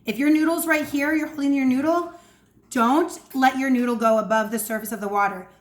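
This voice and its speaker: A woman swim coach giving a casual, energetic lesson to camera from home, acting out breaths and sounds as she explains. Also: high voice, fairly quick. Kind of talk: casual instructional talk to camera. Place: at home indoors.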